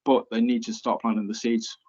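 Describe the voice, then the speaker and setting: A man's voice: mid-range voice, level tone, fairly quick, darkish tone. A man co-hosting a casual podcast, giving confident, opinionated takes and speaking to his listeners. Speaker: podcast co-host. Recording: muffled lo-fi audio.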